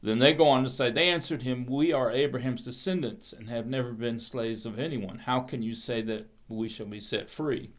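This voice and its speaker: A man teaching a Bible class, reading verses aloud and explaining them in a halting way, often repeating words as he starts a phrase. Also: medium pitch.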